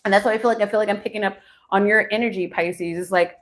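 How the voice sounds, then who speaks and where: Speaking quickly in a steady, medium-pitched voice, a woman in her forties muses through a live tarot reading. She turns the cards and chats with viewers as she goes.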